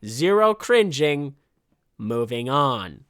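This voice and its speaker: A man's voice: mid-range voice, sing-song, takes it slowly, fairly bright tone. A young man hosting a podcast, riffing in sarcastic, casual comedic commentary and swearing freely. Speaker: podcast host.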